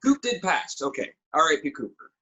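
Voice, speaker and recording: Animated, bright-voiced man telling stories. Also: on the high side, fairly quick, breathy edge, highs cut off. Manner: animated, profane storytelling. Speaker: podcast guest. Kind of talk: casual chat.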